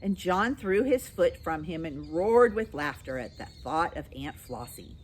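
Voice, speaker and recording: A woman reading a children's book aloud with an expressive, lilting manner. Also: sits low, unhurried, husky. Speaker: storybook reader.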